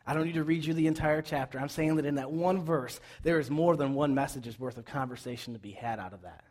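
A young man giving a sermon in a church, conversational, moving between quiet reflection and loud, urging calls to the congregation. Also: a little high, fast talker. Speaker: pastor.

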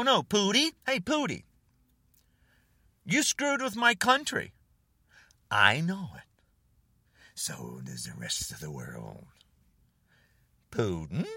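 A man's voice: sits high, sharp tone, no echo, clean studio sound, distant mic. An older American man delivering an angry, repetitive rant straight to camera, hammering short phrases and insults. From United States. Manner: furious, repetitive, name-calling, jabbing phrases. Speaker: online video host.

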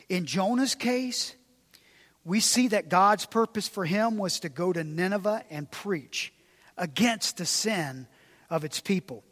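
A man's voice: sits high, lively intonation, unhurried, a bit bright, big-room sound. A man preaching a sermon as pastor, emphatic and repetitive, sometimes dropping to a near-whisper. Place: large church.

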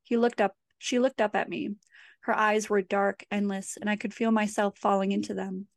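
A woman reads her horror fiction aloud in a measured, steady way. Her voice sits at a middling pitch, and the recording is dry and close, with no room sound. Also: no echo. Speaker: author. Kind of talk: horror story reading.

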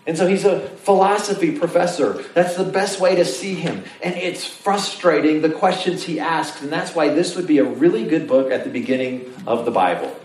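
A man's voice: fairly high pitch, moderate pace, hardly any pauses. A man preaching a sermon in a casual, joking way, acting out the voices of his listeners. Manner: animated, jokey, acts out voices of listeners. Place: church sanctuary. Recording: roomy, distant mic with faint noise.

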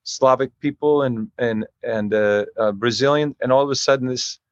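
Rambling actor on a dull line. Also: male voice, mid-range voice, moderate pace, dry recording. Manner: rambling, many restarts. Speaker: actor, interview guest. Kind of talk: interview.

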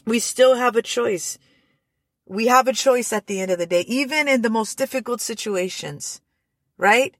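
A woman's voice: a little high, normal speed, no room sound. A woman hosting a faith-based motivational podcast, speaking earnestly with frequent restarts and repeated phrases. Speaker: podcast host.

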